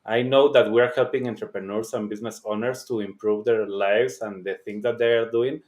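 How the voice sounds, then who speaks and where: A man's voice: on the low side, fairly even intonation, a little fast, a little mellow. Encouraging male host in a roomy space. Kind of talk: conversational interview.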